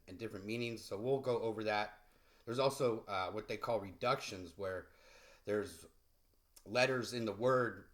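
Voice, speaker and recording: A man teaching English pronunciation in a relaxed, casual way, with many fillers and restarts. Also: on the low side. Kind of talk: casual vocabulary lesson.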